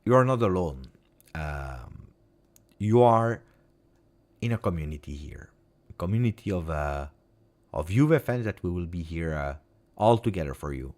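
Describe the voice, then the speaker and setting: A man's voice: deep voice, lively intonation, unhurried, pauses often. A man in his forties with an Italian accent, hosting a casual live stream, emotional and repeating himself. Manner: emotional, repeats words, shifts between loud and soft. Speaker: football fan channel host.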